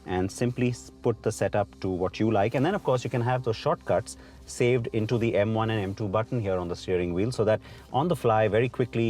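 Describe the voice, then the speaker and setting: A man's voice: fairly low pitch, darkish tone. A man explaining car driving settings in a casual, explanatory way, with some fillers.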